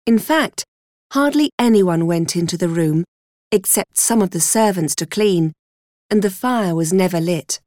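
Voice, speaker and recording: Woman audiobook narrator, first person; slow, measured, dry close recording. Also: on the low side, darkish tone, no room sound. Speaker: audiobook reader.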